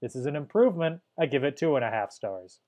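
Male podcast host, deadpan wry delivery, mid-pitched, casual. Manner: dry, wry, reads trivia haltingly. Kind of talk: casual movie review chat.

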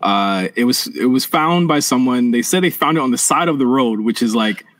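A man's voice: medium pitch, lively intonation, a bit bright. A man co-hosting a wrestling podcast in casual chat, wry and teasing. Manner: wry, quick to laugh, teasing. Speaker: podcast co-host.

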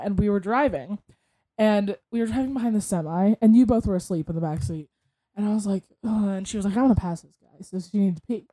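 A woman's voice: medium pitch, dark tone. A young woman co-hosting a podcast, telling a story in casual chat, rambling with lots of fillers and giggles. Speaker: podcast co-host.

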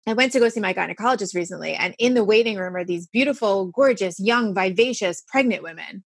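A woman in her forties hosting a casual chat, frank and animated, swearing freely and laughing often. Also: medium pitch, quick pace, husky, dry recording. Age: 40s. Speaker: podcast host.

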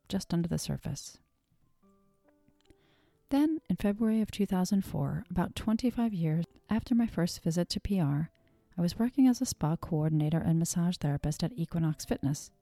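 A woman's voice: on the low side, animated, brisk, gravelly, dark tone, no room sound, soft background music. A woman hosting a podcast, telling her own story in scripted narration with a wry, self-deprecating manner.

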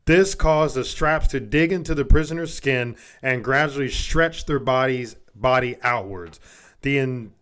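A man co-hosting a casual podcast, reading a list aloud, stumbling over words and swearing. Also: mid-range voice. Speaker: podcast co-host.

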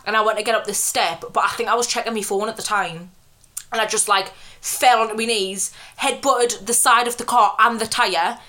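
A woman's voice: fairly high pitch, steady tone, brisk, sharp tone. A young woman, chatting and telling stories as a podcast co-host, often giggling. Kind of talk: casual chat.

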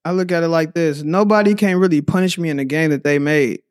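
A man's voice: on the high side, fast, clean tone, dry recording. Slangy young Bay Area man, dry close mic. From San Francisco Bay Area. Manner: slangy, animated, rambling. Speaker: podcast guest. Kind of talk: casual chat.

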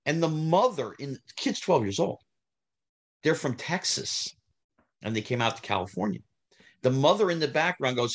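A middle-aged man, telling stories in a casual interview, animated, climbing high when heated and trailing off low. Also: moderate pace, long pauses. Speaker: guest, former child actor.

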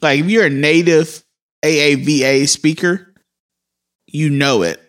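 A man co-hosting a podcast in casual, rambling chat, easygoing and quick to laugh. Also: on the high side, fairly even intonation, smooth. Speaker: podcast co-host.

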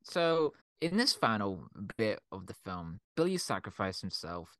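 Podcast co-host, very lively pitch, animated mocking recapper, dry sound. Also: a little slow, dry recording. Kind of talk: casual film review chat.

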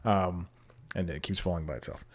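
A man's voice: low-pitched, fairly even intonation, a little fast. A man hosting his podcast alone, rambling casually and self-deprecatingly, laughing often between thoughts into a desk microphone at home. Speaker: podcast host. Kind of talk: casual solo podcast monologue. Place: home room with TV playing behind.

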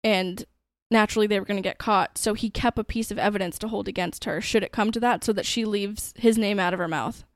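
A woman's voice: mid-range voice, fairly even intonation, fairly quick, hardly any pauses, no room sound, clean studio sound. Chatty woman retelling a crime case. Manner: chatty, filler-heavy, swears casually. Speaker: podcast co-host. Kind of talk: casual true-crime storytelling.

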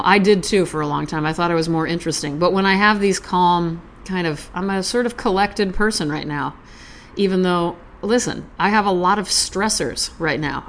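A woman hosting a poetry podcast, chatting casually in a calm, self-aware way before reading a poem aloud. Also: on the low side, a little hiss or hum. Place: Los Angeles.

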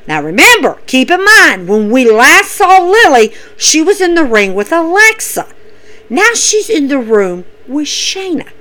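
A woman recapping wrestling shows in a casual, excitable way, acting out what people said. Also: high voice, a little slow, poor audio. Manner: excitable storyteller acting out quotes.

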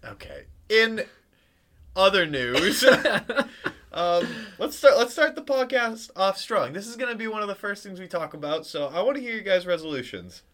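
Young guy hosting a chatty podcast, bright voice, keeps cracking jokes and cursing. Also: high voice, very animated, moderate pace, a little hiss or hum. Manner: joking, swears freely. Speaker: podcast host. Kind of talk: casual banter.

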